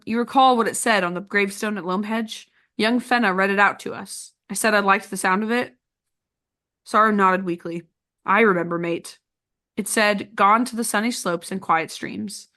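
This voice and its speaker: A woman hosts a casual book club podcast, her voice bright and forward. She reads passages with feeling, then drifts into relaxed chat full of restarts and fillers. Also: medium pitch. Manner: reads aloud expressively, chats with restarts and fillers. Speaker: podcast host.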